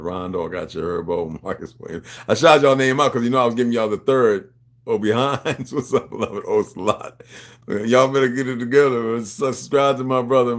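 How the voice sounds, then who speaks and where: A man hosting a livestream, talking in a loose, rambling monologue. He preaches to his viewers in street slang and calls them beloved. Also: fairly low pitch. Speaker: livestream host.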